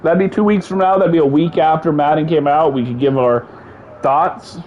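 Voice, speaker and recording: A man co-hosting a casual podcast chat, animated, laughing often and repeating himself. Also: fairly high pitch, normal speed. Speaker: podcast co-host. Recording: dull lo-fi sound.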